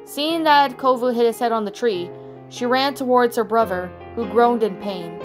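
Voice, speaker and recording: A woman reading her own fan fiction story aloud as narrator, in a plain, even read-aloud manner with small slips. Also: on the high side, normal speed. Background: soft background music.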